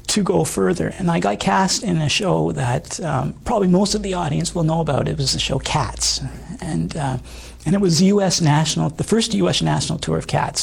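Hoarse, gravelly middle-aged man. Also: on the high side, a little mellow. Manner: earnest, halting, many fillers. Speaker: guest. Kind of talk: testimony interview.

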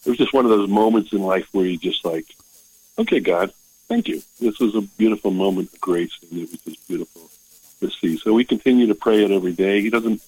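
Older guy caller, very deep husky voice, earnest and choked up, dry close sound. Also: a little mellow, rough recording. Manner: earnest, emotional, halting restarts. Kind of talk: call-in testimony.

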